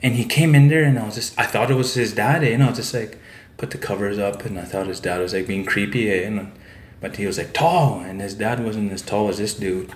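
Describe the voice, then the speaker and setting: This Saskatchewan podcast guest tells a casual, rambling story, tacking "eh" and "like" onto his sentences. He speaks briskly in a lowish voice, and the room echo is noticeable.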